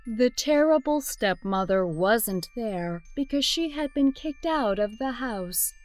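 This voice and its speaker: A woman narrating a children's fairy tale aloud, reading clearly and deliberately for small kids. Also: on the high side, expressive, dry recording, soft background music. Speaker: storyteller.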